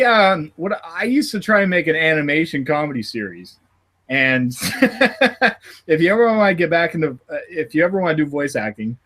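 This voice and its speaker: A man's voice: a little high, a bit bright. Laughing, rambling podcast host guy. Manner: laughs often, rambling with restarts. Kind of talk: casual podcast chat.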